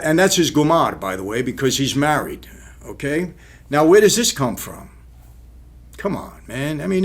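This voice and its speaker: A man giving an indignant, casual commentary on a film, firing off rhetorical questions. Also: a little high. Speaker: film reviewer, former mob figure.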